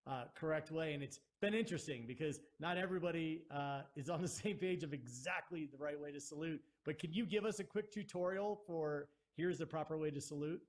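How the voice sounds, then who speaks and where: A man's voice: on the high side, brisk, few pauses. A man hosting an interview, upbeat and thankful, with some fillers. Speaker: host.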